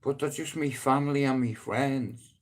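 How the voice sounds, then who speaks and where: A middle-aged man with a Dublin accent rambling on a casual live stream, swearing freely and breaking into loud emphatic outbursts. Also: mid-range voice, normal speed. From Ireland.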